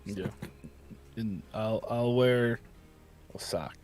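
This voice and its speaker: A man's voice: lowish voice, drawn-out words, darkish tone, soft background music. A man co-hosting a gaming morning show, trading easygoing jokes in casual banter. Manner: joking, easygoing. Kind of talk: casual live-stream banter.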